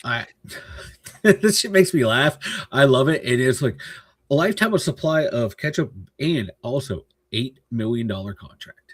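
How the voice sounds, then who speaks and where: A man co-hosts a casual sports stream. His mid-pitched voice has a husky edge, and he talks bluntly, joking and swearing. The sound is close and dry. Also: animated, moderate pace, no room sound. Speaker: co-host. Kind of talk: casual live sports chat.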